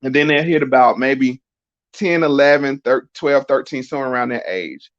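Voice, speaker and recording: A middle-aged man appears as a guest on a casual podcast, his mid-range voice moving at normal speed. He explains things emphatically and often poses rhetorical questions, and the audio has a dull lo-fi quality.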